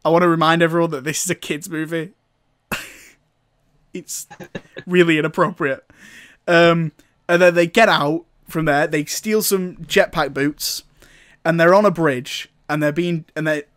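A man with a slightly high voice recaps a film in a loose, rambling way. He sounds amused throughout, with dry sarcasm and laughter breaking in. The sound is close and dry, with no room around it. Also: fairly even intonation, measured pace, long pauses, fairly bright tone, clean tone, no room sound. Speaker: film reviewer. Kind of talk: casual comic film recap.

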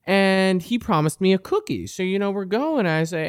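A man's voice: sits high, lively intonation, a little fast, hardly any pauses, no room sound, studio quality. A young man hosting a podcast, telling a profane comic story, crude and indignant. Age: young adult. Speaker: podcast host. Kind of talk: comedic storytelling monologue.

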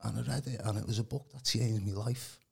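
Speaking a little fast, this Birkenhead man gives a rambling, casual account as a podcast guest, full of colloquial fillers. His fairly low, very husky, gravelly voice has a darkish tone and stays steady.

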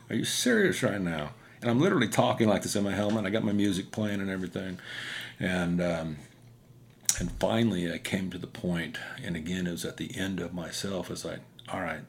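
A man's voice: deep voice, vocal fry, a little hiss or hum. A middle-aged man from Kansas telling a personal faith story in an earnest, rambling way with many fillers. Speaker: motorcycle rider giving testimony.

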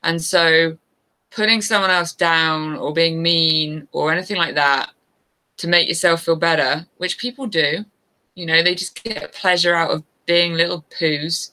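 A woman's voice: fairly low pitch, steady tone, measured pace, sharp tone, low-quality recording. A woman in her thirties, a guest chatting casually in an interview, rambling a little and laughing easily. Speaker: guest, adventure motorbike rider.

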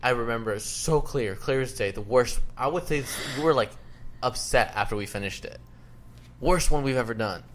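A man's voice: medium pitch, fairly quick. A man co-hosting a podcast in casual chat, teasing and swearing, laughing often. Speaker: podcast co-host.

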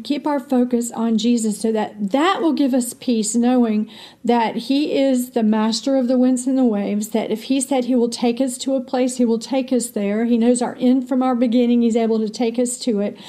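A woman's voice: a little high, warm tone. A woman co-hosting a faith podcast, speaking in an earnest teaching tone and quoting scripture. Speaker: podcast co-host.

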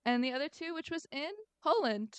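A young adult woman co-hosting a podcast, chatting in an animated, jokey and self-deprecating way. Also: sits high, fairly quick, dry recording. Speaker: podcast co-host. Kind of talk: casual chat.

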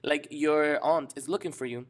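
Young man, podcast co-host, animated, slangy storytelling. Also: fairly high pitch, normal speed. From Dominican Republic. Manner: animated, slangy, says "bro" often. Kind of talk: casual storytelling chat.

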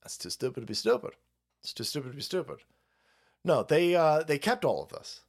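A man's voice: a little high, lively intonation, brisk. A man hosting a stream, delivering a heated, profane political rant full of repetition and mocking asides. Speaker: stream host.

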